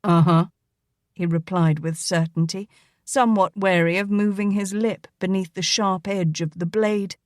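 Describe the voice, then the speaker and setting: A woman reading a romance novel aloud as an audiobook narrator, in an even, measured way. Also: medium pitch, no room sound, clean studio sound. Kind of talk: scripted narration.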